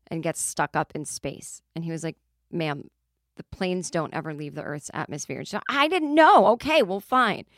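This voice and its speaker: A woman comic, riffing through a loose podcast monologue that keeps doubling back on itself. Her voice sits a little low for a woman. It is recorded close and dry, with no room sound. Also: dry recording. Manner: rambling, self-interrupting storyteller with quick asides. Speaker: podcast host. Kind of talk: casual comedic monologue.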